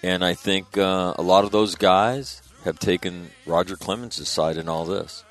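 Middle-aged male guest with a deep, low register; chatty, meandering anecdotes, lots of "uh" and restarts. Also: steady tone, unhurried, soft background music. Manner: rambling, conversational, frequent fillers and restarts. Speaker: guest recalling his father. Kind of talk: casual spoken storytelling.

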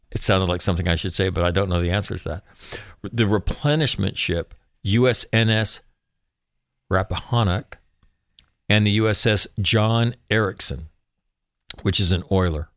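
A man's voice: on the low side, no room sound, clean studio sound. A man and former Marine giving casual, sarcastic commentary on military news, dropping profane jokes between facts. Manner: sarcastic, profane asides, jokey.

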